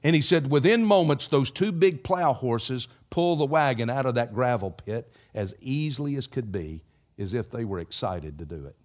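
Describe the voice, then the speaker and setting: A man preaching a sermon, telling a story and slowing down, dropping to a hush for the key lines. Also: medium pitch, lively intonation. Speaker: pastor.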